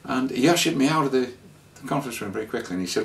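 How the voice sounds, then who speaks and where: A man telling a casual travel anecdote, rambling and halting with fillers and restarts. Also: mid-range voice, lively intonation, vocal fry, a bit bright, recorded from a distance. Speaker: traveller sharing scam warnings.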